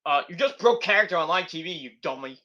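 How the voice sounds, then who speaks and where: A man's voice: a little high, expressive, sharp tone, lo-fi sound. A man putting on a mock Jamaican accent to impersonate a teasing wrestler. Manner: mocking, drawn-out "man" tags.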